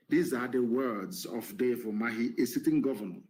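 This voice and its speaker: A man delivering an impassioned political broadcast to his followers. He speaks in an emphatic, defiant way, repeats phrases and pauses with "should I say". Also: mid-range voice, darkish tone, rough recording. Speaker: political leader addressing followers.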